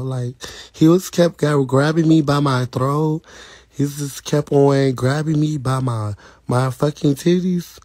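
A man hosting a casual live stream. He talks in a sassy, animated way to his viewers, laughs often, and speaks into a phone mic. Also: mid-range voice, measured pace, no room sound. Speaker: livestream host.

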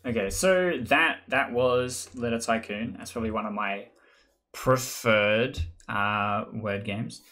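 A man hosting a casual board game chat over an online call, talking in a relaxed, rambling way with restarts. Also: lowish voice, slow pace. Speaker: channel host.

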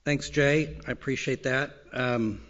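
A man's voice: mid-range voice, unhurried. A man speaks at a conference keynote in a loose, joking way, full of ums and uhs. His voice sits in a middle register. The recording is a little muffled and lo-fi. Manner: relaxed, joking, frequent fillers. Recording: slightly dull, lo-fi sound.

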